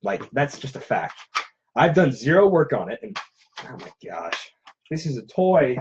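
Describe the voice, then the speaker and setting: A man's voice: medium pitch, big pitch swings, normal speed, lo-fi sound, noisy background. A man who makes props and cosplays, chatting casually and in a self-deprecating way. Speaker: cosplayer and prop maker. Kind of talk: casual chat.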